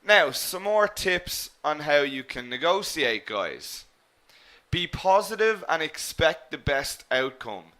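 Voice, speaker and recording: A man's voice: fairly high pitch, takes it slowly. A man teaching an online business English lesson, encouraging his students, naming them as he checks their answers, and often asking "okay?". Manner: lively emphasis with frequent "okay?" and "guys".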